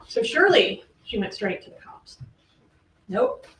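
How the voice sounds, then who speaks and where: A woman's voice: medium pitch, big pitch swings, fairly bright tone, a little hiss or hum. A woman prosecutor giving a closing argument in court, pressing the jury with pointed rhetorical questions. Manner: rhetorical questions, emphatic pauses. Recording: echoey courtroom audio from far off.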